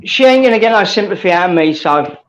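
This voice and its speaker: A man's voice: high-pitched, lively intonation, quick pace. A man in a heated live-stream voice chat, blunt and combative, swearing often. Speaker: stream regular in a voice-chat argument. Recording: dull lo-fi mic with noise.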